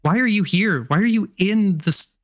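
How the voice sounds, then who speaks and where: A man voicing a confused young woman who will not believe she has died, speaking in a high, pleading voice. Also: expressive, moderate pace, no room sound, dull audio. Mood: bewildered. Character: confused young woman in denial of her death.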